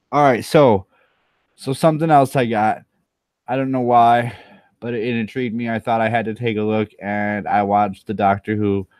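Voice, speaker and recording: A slightly drunk man rambles in a low, unhurried voice, drifting into crude jokes and poking fun at himself. His delivery is loose and meandering. The sound is dry and close, with no room around it. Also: a little mellow, no room sound. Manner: meandering, self-mocking, crude asides. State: tipsy from rum. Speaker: channel host. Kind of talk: rambling solo commentary.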